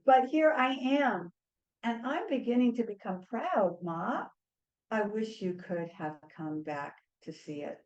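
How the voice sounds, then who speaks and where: A woman's voice: a little high, animated, slow pace, lo-fi sound. A woman voicing an older woman talking to her late mother. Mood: heartfelt. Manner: heartfelt, direct address.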